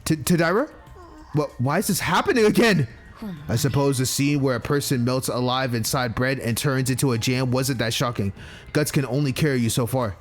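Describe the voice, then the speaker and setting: A man's voice: medium pitch, moderate pace, faint music behind, close to an everyday voice. A man voicing a frightened blind young female student in a video game, speaking in a shaky, hesitant way. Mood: fearful.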